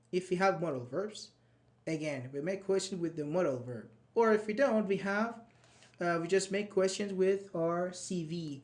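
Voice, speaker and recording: A man's voice: high-pitched, a bit bright. A man teaching a live online English grammar class, patiently reading out students' chat answers and praising them.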